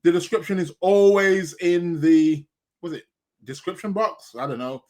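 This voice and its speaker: A man's voice: high voice, unhurried, a little mellow. A man hosting an astrology podcast live stream in a casual, rambling chat, greeting viewers by name and munching snacks as he talks.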